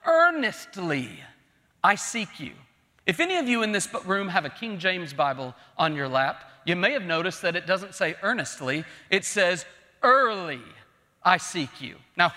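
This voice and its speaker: A man preaching a heartfelt sermon in a high, ringing voice that carries with a sharp edge. His delivery is earnest and emphatic, building to pleading intensity. The sound rolls with the long reverb of a big church hall. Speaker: pastor.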